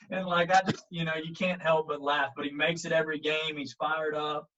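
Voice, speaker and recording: A man, a baseball coach, tells a story with a bright, forceful voice, acting out the quotes as he goes. His voice sits a bit high for a man. He's set back from the mic, and the audio sounds a little dull. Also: moderate pace, far from the mic. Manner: animated, acts out quotes, frequent fillers. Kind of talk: casual storytelling in an interview.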